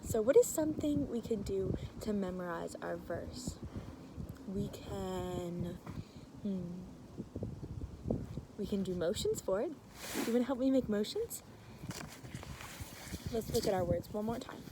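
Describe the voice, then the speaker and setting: A woman's voice: mid-range voice, animated, takes it slowly, long pauses, background noise. A woman teaching a children's scripture lesson, upbeat and encouraging as she talks to the kids.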